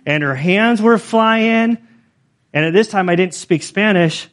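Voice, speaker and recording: A man preaching a sermon, telling stories in an animated, chatty way with many filler words. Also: high-pitched, unhurried. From United States. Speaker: pastor. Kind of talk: sermon with storytelling.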